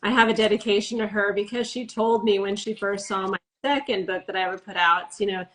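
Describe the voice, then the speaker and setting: A woman from the American Midwest hosting a casual interview, candid and animated as she tells stories. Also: medium pitch, fairly quick, low-quality recording. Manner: candid, animated storyteller, laughs easily. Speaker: interview host.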